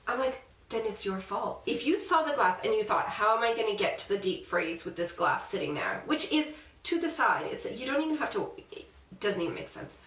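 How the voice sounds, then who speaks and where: A woman co-hosting a casual podcast from a small room off her garage, telling an animated story and acting out what people said, while still getting over an illness. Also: mid-range voice, a little fast. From Australia. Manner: animated storytelling, exclaims and acts out quotes. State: recovering from illness. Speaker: podcast co-host. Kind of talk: casual chat. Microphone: laptop on a deep freeze. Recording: roomy, distant mic, faint room hum.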